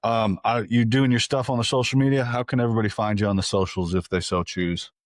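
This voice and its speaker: An American man hosting a podcast, chatting in a relaxed, laid-back way and swearing casually. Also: lowish voice, fast talker, dry recording, studio quality. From United States. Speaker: podcast host. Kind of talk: casual interview chat.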